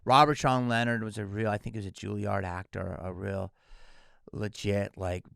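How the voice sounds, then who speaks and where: Man in his fifties, podcast guest; gravelly voice, acts out every quote he tells. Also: lowish voice, normal speed, dry recording, studio quality. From Philadelphia area, USA. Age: 50s. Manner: animated, acts out quoted dialogue. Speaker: guest actor. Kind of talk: casual podcast storytelling.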